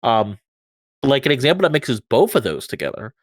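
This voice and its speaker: A man's voice: medium pitch, wildly swooping pitch, normal speed, dry recording. A man, a guest voice narrator, chatting casually on a podcast and rambling with lots of fillers and restarts.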